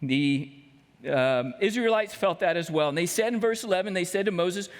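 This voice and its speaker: A pastor with a notably high voice delivers a storytelling sermon, slipping into voices for the people he quotes. His words ring out with a long reverb that fills the church hall. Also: fairly quick, smooth. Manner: storytelling preacher who acts out quoted voices. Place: church sanctuary.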